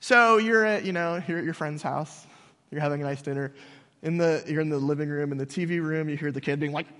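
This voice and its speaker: A man preaching a casual, animated sermon, telling stories conversationally. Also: on the high side, a little fast. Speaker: pastor. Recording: long hall reverb.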